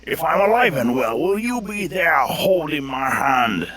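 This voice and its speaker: A man doing a slow, slurred impression of a gruff older male film star singing, which he says sounds like a drunken pirate. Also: a little high, very animated, over a noisy crowd, pitched above the performer's own voice. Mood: crooning.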